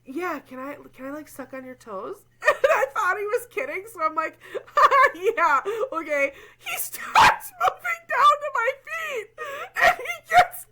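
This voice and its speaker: Lively, high-voiced young woman storyteller. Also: a little slow. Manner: animated, laughs often, many fillers. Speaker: podcast co-host. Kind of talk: casual storytelling chat.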